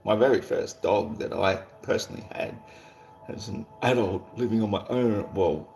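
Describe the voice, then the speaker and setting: Aussie streamer, male, laid-back rambler, deep gravelly voice, light swearing. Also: normal speed, a little mellow. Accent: Australian. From Australia. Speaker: livestream host. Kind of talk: casual chat while reading viewer comments.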